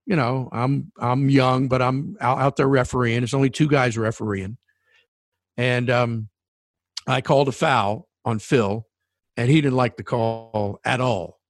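A middle-aged man who works as a sports broadcaster and used to referee, telling a story in casual conversation with animated enthusiasm and frequent restarts. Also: mid-range voice, no room sound.

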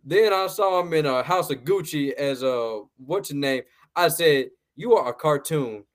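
A man's voice: fairly high pitch, a little slow. A man hosting a casual movie review podcast, talking bluntly with a lot of swearing, laughing, and repeated words. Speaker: podcast host.

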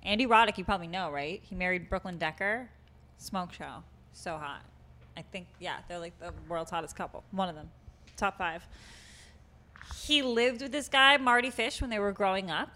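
A woman's voice: medium pitch, bright, forceful tone, a little hiss or hum. A woman with a Boston accent co-hosting a podcast, loose and joking, swearing often in casual chat. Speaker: podcast co-host.

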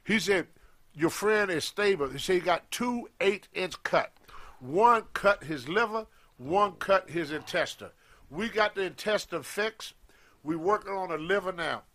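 Older man, animated storyteller, higher voice. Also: unhurried. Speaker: guest. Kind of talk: storytelling in a podcast interview.

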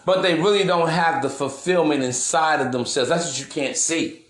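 A man with a slightly high voice hosts a podcast at a normal speed, the sound roomy. It's a casual monologue, brash and preachy, packed with slang and swearing.

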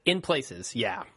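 A man co-hosting a casual chat podcast, animated and joking as he riffs on movies. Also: mid-range voice, breathy edge, dry recording, clean studio sound. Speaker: podcast co-host.

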